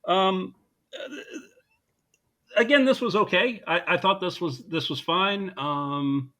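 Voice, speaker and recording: A man co-hosting a casual podcast chat in a clear, bright voice. He gives measured, understated opinions, often easing in with a hesitant um before he makes his point. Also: sits high. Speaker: podcast co-host.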